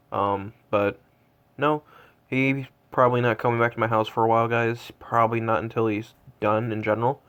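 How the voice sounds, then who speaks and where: A man's voice: mid-range voice, flat delivery, moderate pace, long pauses, fairly bright tone, smooth. A man in his twenties, cold and shivering, rambling in awe with many fillers in a casual vlog. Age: 20s. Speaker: vlogger tracking Santa. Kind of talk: casual excited vlog talk.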